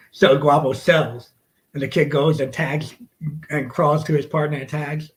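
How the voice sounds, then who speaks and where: Profane, animated male wrestler telling stories. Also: on the high side, normal speed, a little hiss or hum. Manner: animated, acts out quotes, drops to whispers. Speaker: podcast guest, wrestler. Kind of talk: casual storytelling, profane.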